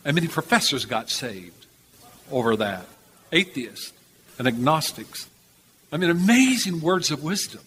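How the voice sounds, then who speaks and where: An older man preaches with a high, bright voice that rings out. He tells his story in an animated way, repeating himself and chuckling. The sound echoes through a large hall over a faint background hum. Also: a little slow, long pauses. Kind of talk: storytelling sermon.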